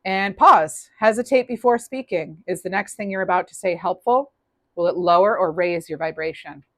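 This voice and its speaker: A woman's voice: fairly low pitch, moderate pace, no echo. A woman giving a casual, upbeat tarot reading, chatty with many restarts. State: clearing throat, losing voice. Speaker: tarot reader.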